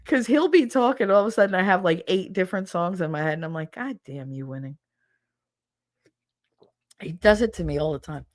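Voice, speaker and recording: A woman hosting a podcast in casual solo chat, animated, laughing often and swearing freely. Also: medium pitch, quick pace, hardly any pauses. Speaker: podcast host.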